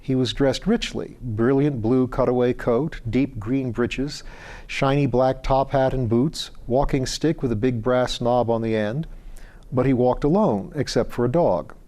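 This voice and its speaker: A man reading a story aloud in a calm, measured narration. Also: mid-range voice. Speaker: audiobook reader.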